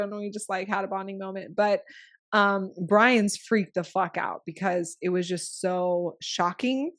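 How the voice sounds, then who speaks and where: A woman's voice: mid-range voice, fairly even intonation, unhurried. A young woman telling her own story as a podcast guest. She talks frankly and casually, swears freely and uses lots of filler words. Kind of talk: candid personal storytelling.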